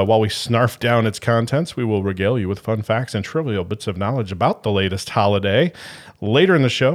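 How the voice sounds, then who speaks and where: A man co-hosting a podcast in casual chat, joking and rambling with frequent fillers. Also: lowish voice. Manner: jokey, rambling with many "uh" fillers and laughs. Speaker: podcast co-host.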